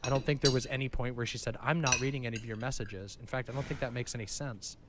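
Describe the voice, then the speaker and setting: A man in a stream debate disagreeing calmly, weighing his words and admitting he could be wrong. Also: mid-range voice, heavy background noise. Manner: measured, doubting, careful.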